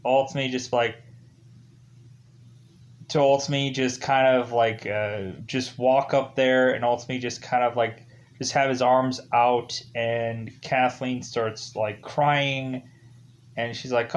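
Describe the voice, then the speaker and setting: A man's voice: mid-range voice, little pitch movement, a little slow, muffled recording. A man reviewing a movie in a casual, rambling way, leaning on fillers like "like" and "ultimately". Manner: rambling, heavy use of "like" and "ultimately".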